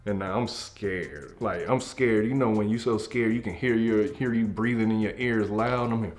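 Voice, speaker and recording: A young man telling a comedic story from his childhood, acting out the scenes and dropping into hushed tones. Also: fairly low pitch, moderate pace, soft background music. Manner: animated, acts out scenes, drops to hushed tones. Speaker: comedy group member.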